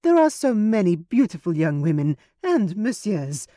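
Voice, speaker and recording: A woman's voice: mid-range voice, big pitch swings, moderate pace, mellow, dry recording, studio quality, voice pushed up, natural voice. A woman doing a lilting, teasing noblewoman. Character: poised, teasing noblewoman, the count's sister.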